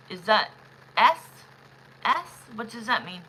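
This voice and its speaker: Woman host of a live tarot stream. Chatty and excitable, bright tone, unhurried delivery. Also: on the high side, slight background noise, rough recording. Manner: chatty, excitable, talks to viewers directly. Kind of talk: casual live-stream chat.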